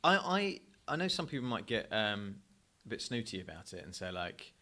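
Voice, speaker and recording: A young man with a fairly low voice, chatting casually as a podcast co-host. He rambles and restarts his sentences and slips in jokes. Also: very animated, normal speed, pushed and bright. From Essex, England. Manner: rambling, self-correcting, jokey. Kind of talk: casual chat.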